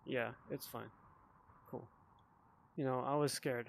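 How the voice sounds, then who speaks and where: A man who's been drinking plays VR, talking slowly in a medium-pitched, fairly even voice with vocal fry and no room sound. His laid-back commentary is peppered with profanity, frustrated outbursts, and mumbled asides.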